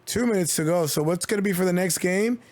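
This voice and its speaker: A man's voice: high-pitched, fast, no echo. A man streaming live basketball commentary, calling plays in a casual, chatty way with jokey asides. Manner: chatty, jokey asides between play calls. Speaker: streamer giving play-by-play commentary.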